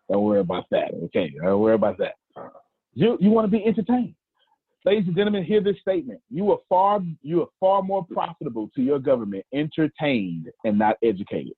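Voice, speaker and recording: A man in his forties with a Southern American accent hosts a motivational group call, animated and preachy, repeating phrases straight to the listeners. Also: medium pitch, slightly rough, no echo. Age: 40s. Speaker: host of a coaching call. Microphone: video call. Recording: tinny phone-like call audio.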